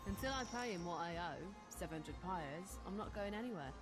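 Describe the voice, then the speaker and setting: A bored elf wizard with a flat, sly delivery, played by a woman. It is video game dialogue. Clear music plays behind her. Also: lowish voice, a little fast, lightly acted. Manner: monotone, sly.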